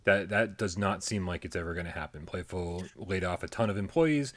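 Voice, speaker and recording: A man's voice: sits low, a little fast. Guy hosting a gaming podcast, casual chat, jokey mock rants. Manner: joking mock rants, shouting playfully. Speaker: podcast host.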